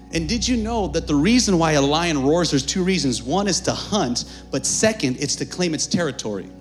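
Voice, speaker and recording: A pastor preaching a sermon, moving from joking, conversational asides to shouted, fervent climaxes. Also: male voice, high voice.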